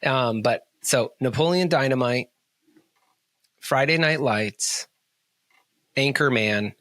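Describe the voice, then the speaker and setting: A man's voice: medium pitch, takes it slowly, fairly bright tone, no room sound. A man co-hosting a podcast in casual chat, rambling enthusiastically with many restarts. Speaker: podcast co-host.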